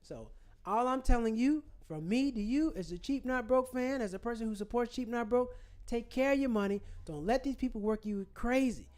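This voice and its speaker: A man with a strikingly high-pitched voice delivers a heated vlog rant. He preaches at his viewers, hammering the same phrases over and over. It is casual, unscripted commentary from a channel host. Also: normal speed, a little mellow. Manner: fired-up, preachy, repeats phrases for emphasis.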